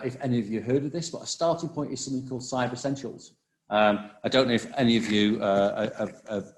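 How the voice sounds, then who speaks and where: A man presenting a webinar over a video call, talking quickly with many restarts and fillers. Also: fairly low pitch, echoey room. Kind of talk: live webinar talk on cybersecurity.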